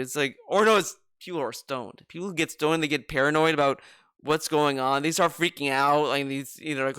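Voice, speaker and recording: A man's voice: fairly high pitch, brisk, sharp tone, clean tone, dry recording, studio quality. A man giving mocking reaction commentary on a clip, swearing and breaking into exaggerated impressions. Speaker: commentary streamer.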